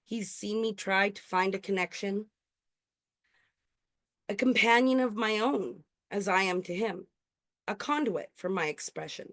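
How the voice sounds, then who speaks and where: A woman's voice: mid-range voice, a bit bright, no room sound, studio quality. Earnest woman reciting spoken-word poetry. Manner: earnest and intimate, slowing on key lines. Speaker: open mic performer. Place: indoor open mic venue.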